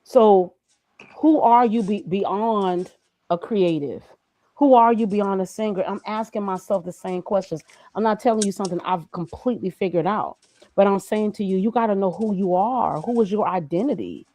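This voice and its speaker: A woman's voice: medium pitch, normal speed, dark tone, no room sound. A woman, a graphic designer, being interviewed, talking in an emphatic, preachy way about her own experience. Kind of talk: casual motivational conversation.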